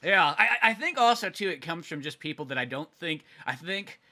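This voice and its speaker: A man chatting casually on a podcast as a guest comic creator, animated and acting out other people's lines. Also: on the high side, a little fast. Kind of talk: casual chat.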